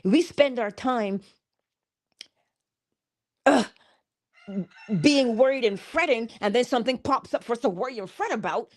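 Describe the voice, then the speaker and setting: A woman's voice: fairly high pitch, animated, unhurried, pauses often. A woman giving a morning inspirational talk, with preacherly calls and frequent laughter. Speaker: motivational speaker.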